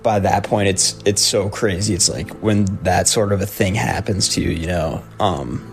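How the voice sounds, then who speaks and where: A young man telling a personal story in a halting way, with nervous laughs. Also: deep voice, vocal fry, faint music behind.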